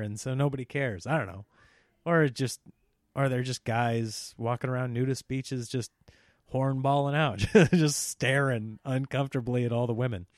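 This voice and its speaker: A man hosting a solo podcast, rambling and joking in an animated comic monologue. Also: mid-range voice, moderate pace, dry recording, studio quality. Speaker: podcast host.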